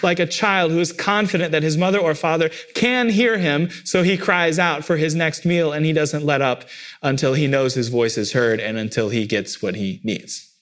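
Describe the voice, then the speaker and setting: A man's voice: fairly high pitch, moderate pace, fairly bright tone. Man preaching with rising emphasis. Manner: emphatic preaching, voice lifting sharply on key phrases. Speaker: pastor. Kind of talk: sermon.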